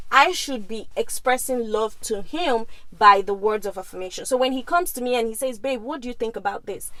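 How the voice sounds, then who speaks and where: A woman's voice: on the high side, dry recording, low-quality recording. Chatty woman vlogger, dry close sound. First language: Igbo. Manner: chatty, often asks okay?. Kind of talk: casual talk to camera.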